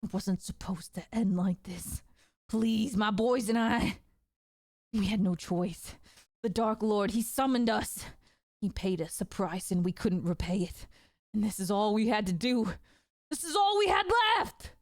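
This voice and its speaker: A woman voicing a desperate male bandit who sobs and pleads for his life in a tabletop game, his cries cracking high. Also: measured pace, a little mellow, no echo, clean studio sound, close to an everyday voice. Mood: begging, sobbing. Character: desperate sobbing male bandit begging for mercy.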